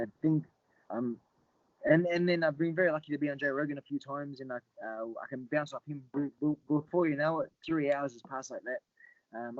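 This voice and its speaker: Halting man, higher voice. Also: no room sound, lo-fi sound. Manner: halting, repeats words, animated when quoting others. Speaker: guest, Muay Thai fighter. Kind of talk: casual storytelling interview.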